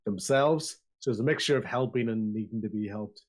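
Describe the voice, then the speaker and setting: A man's voice: lowish voice, a little fast. A man, narrating as game master with many restarts and fillers.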